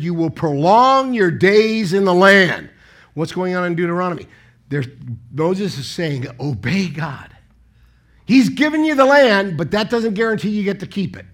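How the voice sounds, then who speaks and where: A man preaching a sermon in a conversational way, asking the congregation questions and punching key words with sudden loud emphasis. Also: sits high. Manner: asks the congregation rhetorical questions.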